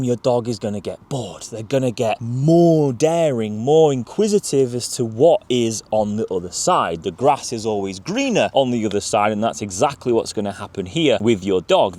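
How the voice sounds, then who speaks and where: Animated man with a lively voice. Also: on the low side. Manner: emphatic, animated, direct. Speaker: gundog trainer. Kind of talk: instructional talk to viewers.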